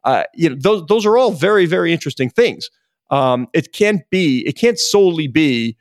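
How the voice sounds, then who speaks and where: A man's voice: on the high side, lively intonation, fairly quick, no room sound, studio quality. A man co-hosting a sports business podcast, chatting conversationally and posing pointed questions. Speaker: podcast co-host. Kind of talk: podcast discussion.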